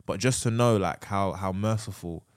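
A man with a low voice talks in an earnest, reflective way, as a guest in a relaxed podcast chat. His phrases are short and sincere, full of casual slang. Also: moderate pace.

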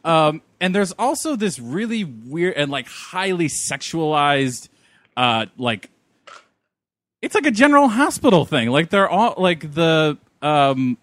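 A man's voice: on the high side, sing-song, slow, a bit bright, no echo. A man co-hosting a podcast, chatting about a movie in a hesitant, jokey way with many fillers. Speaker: podcast co-host. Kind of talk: casual movie chat.

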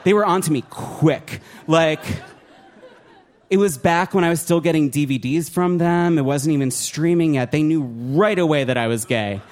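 A man doing a stand-up comedy set on a club stage, with an animated, profane, self-mocking delivery. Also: fairly high pitch, moderate pace. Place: comedy club stage before a laughing audience.

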